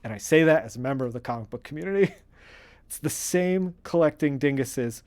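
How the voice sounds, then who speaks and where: Rambling excitable male streamer. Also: on the high side, brisk. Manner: rambling, excitable, lots of fillers. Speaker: streamer coloring comic art. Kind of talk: casual livestream chat.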